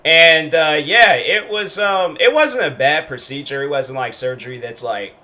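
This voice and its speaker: Bright-voiced young man telling a story. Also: fairly high pitch, unhurried. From Washington State, US. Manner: rambling, lots of fillers and restarts. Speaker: YouTuber. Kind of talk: casual storytime vlog.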